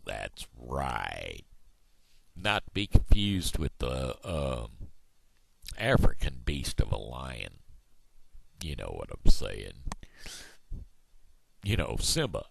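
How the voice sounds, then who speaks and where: A man's voice: very deep voice, gravelly, no echo. A man from Missouri with a Midwestern American accent, rambling folksy in a casual daily video blog, full of fillers. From Missouri, USA. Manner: folksy, meandering, with many fillers. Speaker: video blogger.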